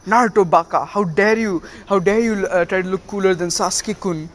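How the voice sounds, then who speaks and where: A man's voice: high-pitched, brisk, close to an everyday voice. A man voicing an indignant teenage girl ninja scolding a teammate.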